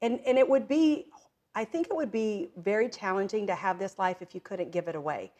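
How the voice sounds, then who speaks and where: A middle-aged woman in easy conversation, telling stories with lots of fillers. She breaks into quoted voices and laughter as she goes, at a middle pitch for a woman. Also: fairly quick. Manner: lively storyteller who acts out quoted voices and laughs often; many fillers like "um" and "like". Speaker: guest, direct-selling entrepreneur. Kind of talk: casual interview conversation.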